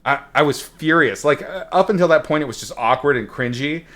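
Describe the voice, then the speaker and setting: A man's voice: a little high, expressive, fairly quick, fairly bright tone. Guy painting on stream, rambly story, lots of uh and like, swears a bit. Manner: rambling, frequent fillers and restarts, blunt swearing. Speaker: painting instructor streaming a painting session. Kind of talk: casual storytelling while painting.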